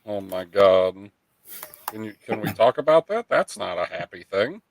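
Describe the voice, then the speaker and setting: A man's voice: on the low side, big pitch swings, moderate pace, vocal fry, slight background noise, poor audio. A man hosting a casual live stream, teasing his co-host, swearing and reading chat messages aloud. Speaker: livestream host.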